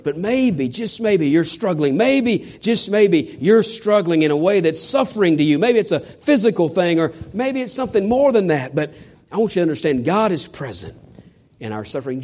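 Pastor, male, high voice, rises and falls a lot; fiery sermon delivery with rhetorical questions and hushed drops. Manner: dramatic, swinging from shouts to hushed near-whispers; asks the listeners rhetorical questions.

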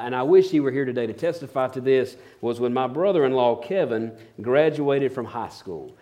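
A man's voice: mid-range voice, a little mellow. A man preaching a sermon, telling stories in a folksy, rambling way with fillers and restarts. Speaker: pastor.

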